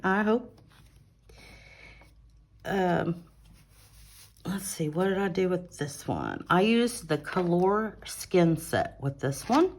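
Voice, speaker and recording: Woman, lowish voice, unhurried, chatty craft vlog, phone mic at a home table. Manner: chatty and relaxed, with fillers and self-corrections. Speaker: adult coloring channel host. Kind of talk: casual show-and-tell of colored pages. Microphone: phone on an arm mount.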